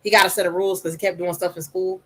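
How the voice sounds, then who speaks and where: A woman speaking candidly on a podcast about her own life, emphatic and animated, with a soft voice. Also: fairly low pitch, very fast, a little hiss or hum, poor audio. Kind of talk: candid personal storytelling.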